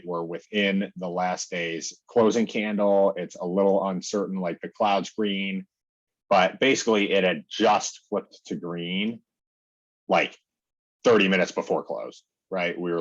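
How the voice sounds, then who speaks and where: Dull audio captures a young man's low-pitched voice as he casually explains the trading charts on his screen. A day trading educator, he's chatty, sprinkles in "like" and "okay," and plays out his own reactions.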